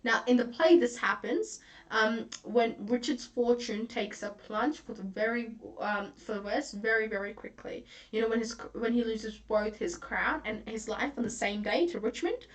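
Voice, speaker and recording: A woman's voice: a little high, moderate pace, recorded from a distance. A woman tutor giving a recorded exam-prep lecture, chatty and full of fillers and restarts.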